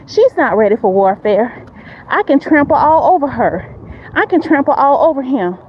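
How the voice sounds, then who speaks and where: A woman's voice: high voice, big pitch swings, moderate pace, muffled recording, a little hiss or hum. Woman voicing a gloating devil. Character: taunting devil, scheming spiritual enemy.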